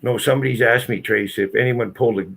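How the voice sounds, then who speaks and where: A man's voice: medium pitch, steady tone, quick pace, vocal fry, a bit bright, breathy edge. A man telling a story to friends in a blunt, profane, emphatic way. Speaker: channel host telling a story. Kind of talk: casual storytelling.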